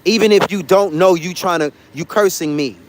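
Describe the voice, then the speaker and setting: A man with a somewhat high-pitched voice speaks in a casual livestream. He rants bluntly to his chat, swearing freely and hammering his points through repetition. He talks from a car or the street in a city. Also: normal speed. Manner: blunt, profane, repetitive and emphatic. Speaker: livestreaming traveler talking to chat.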